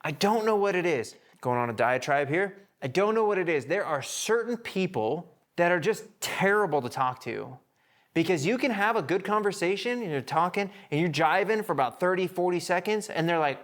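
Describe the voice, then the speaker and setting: A man teaching a Bible study to a small group in a casual, blunt, animated way, slowing down when he reads scripture. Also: fairly high pitch. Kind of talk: lively Bible study talk.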